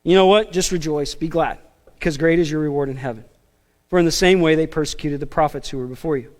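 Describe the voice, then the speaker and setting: A man preaching a sermon as pastor, animated and emphatic, with casual asides and self-deprecating jokes. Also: fairly high pitch, fast, in a large hall. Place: church sanctuary.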